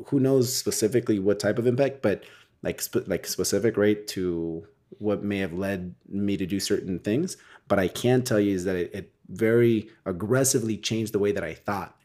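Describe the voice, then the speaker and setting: A man talking as a guest in a casual interview, telling stories in a rambling, animated way with frequent tag questions. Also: on the low side, moderate pace. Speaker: podcast guest, real estate wholesaler.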